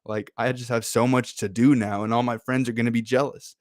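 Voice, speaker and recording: A man's voice: medium pitch, flat delivery, fairly quick, dry recording, studio quality, natural voice. A man voicing a pessimistic teenage boy who complains in an exasperated tone.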